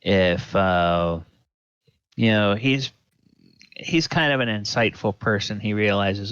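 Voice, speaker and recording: A man narrating a tabletop game as dungeon master, hesitant with many pauses. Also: lowish voice, fairly bright tone, smooth, no room sound, highs cut off. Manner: hesitant, full of fillers and restarts.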